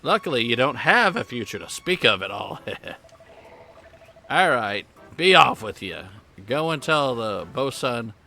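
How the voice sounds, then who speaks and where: A man's voice: mid-range voice, sing-song, slow pace, creaky, pushed and bright, a little hiss or hum, full character voice. A man voicing a cocky, taunting sailor who picks fights, in a put-on Southern drawl. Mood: mocking. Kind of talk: reading game dialogue aloud.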